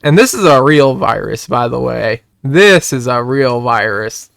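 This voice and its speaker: A man's voice: mid-range voice, measured pace, vocal fry, no room sound, studio quality. A young man streaming, ranting casually to his chat, repeating himself and swearing when he gets worked up. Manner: excitable, repetitive, swears and shouts when worked up. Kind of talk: casual political rant to chat.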